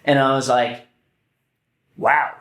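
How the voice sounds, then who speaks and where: A man co-hosting a podcast, telling stories in casual chat, animated, swearing, often restarting his sentences. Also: medium pitch, slow pace. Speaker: podcast co-host. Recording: roomy echo.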